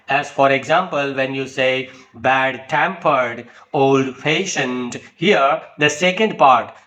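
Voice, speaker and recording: A man with a somewhat raised pitch delivers a spoken English lesson. He explains each rule step by step and spells words out letter by letter. He checks in often with little tags like "okay" and "you know". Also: a bit bright, low-quality recording. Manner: tag questions and fillers like okay and you know. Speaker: English teacher.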